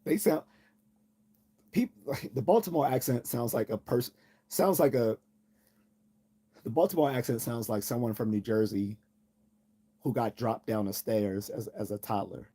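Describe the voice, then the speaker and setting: A man's voice: mid-range voice, measured pace, long pauses, mellow. A man hosting a livestream, rambling casually with lots of profanity and frequent laughter at his own jokes. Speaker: livestream host.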